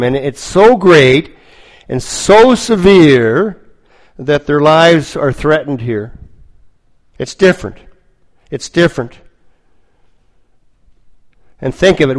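Slow, dramatic male preacher. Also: a little high, rough recording. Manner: slow, dramatic storytelling with repetition. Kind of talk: sermon.

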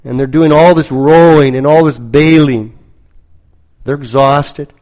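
A man preaching a sermon, telling a story slowly and dramatically, with lots of repetition. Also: a little high, fairly even intonation, darkish tone, low-quality recording.

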